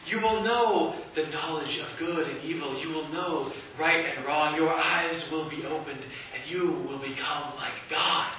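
A man voicing a sly male serpent who tempts in a smooth, coaxing way that sinks to a hush. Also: a little high, unhurried, hardly any pauses, close to an everyday voice. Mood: persuasive. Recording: echoey, distant, dull with hiss.

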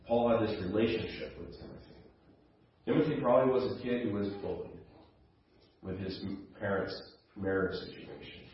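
Male pastor preaching, earnest, drops soft then pushes loud, very echoey room, mic kinda far off. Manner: earnest, swings between soft low asides and raised emphatic passages. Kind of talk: sermon. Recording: roomy, distant mic, slightly dull.

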